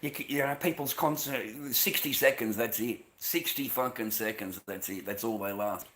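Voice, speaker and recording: A man's voice: medium pitch, normal speed, a bit bright. Foul-mouthed Australian man ranting. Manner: profane, repetitive, says "mate" constantly. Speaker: vlogger. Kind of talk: ranting monologue to camera.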